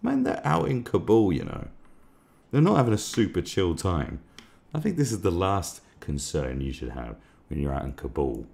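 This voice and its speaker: A man's voice: low voice, sing-song, moderate pace, vocal fry, a little mellow. A man hosting a live stream, ranting sarcastically and swearing a lot in casual commentary. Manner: crude, sarcastic, swears often.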